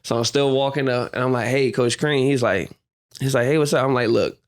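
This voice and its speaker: A man's voice: mid-range voice, brisk. A young man telling stories as a guest on a podcast interview, laughing often and acting out what people said. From United States. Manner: animated storyteller, acts out quotes, laughs often. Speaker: guest, professional basketball player. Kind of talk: casual storytelling interview.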